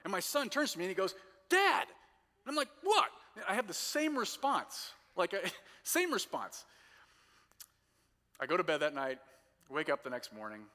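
Man, 40s, pastor preaching; bright tone, casual self-mocking anecdotes, long hall reverb. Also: high voice, big pitch swings, normal speed, pauses often. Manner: casual, self-deprecating storytelling. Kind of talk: sermon.

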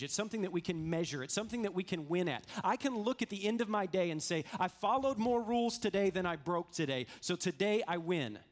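A man preaching a live sermon in an earnest, repetitive way that builds up and then drops down. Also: on the high side.

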